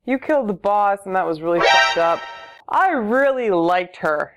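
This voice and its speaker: A woman's voice: mid-range voice, lively intonation, normal speed, loud music behind the voice, lightly acted. A tipsy woman voicing an aloof, resentful female scientist in a comic video game recap.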